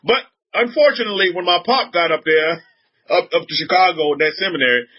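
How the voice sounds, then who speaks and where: On dull audio, a man with a Southern US accent and a voice that sits high talks a little fast. Addressing a group as a religious teacher in an informal talk, he circles back over the same points, restarts often, and keeps posing rhetorical questions to his listeners.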